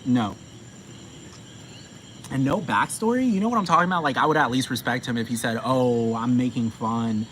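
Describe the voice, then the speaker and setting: A man's voice: mid-range voice, big pitch swings, a little fast, pauses often, pushed and bright. A man ranting profanely and emphatically, repeating himself as he talks. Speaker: commentator. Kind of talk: ranting monologue. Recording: noisy with vehicle sounds behind.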